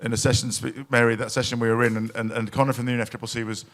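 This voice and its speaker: A man's voice: mid-range voice, level tone, racing, a bit bright. A man speaks at a live event in a pavilion, telling stories with a mid-range voice. He sounds emotional and anecdotal, stopping and restarting his sentences often. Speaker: panel speaker at a climate event.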